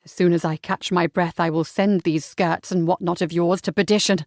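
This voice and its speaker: A deep-set, husky young Regency lord, tender and ardent, spoken close and dry, as a woman narrator puts him on. His voice sits well below a woman's usual range. It is an audiobook romance character. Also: steady tone, normal speed, darkish tone, no echo, lightly acted. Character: ardent young male Regency gentleman lover.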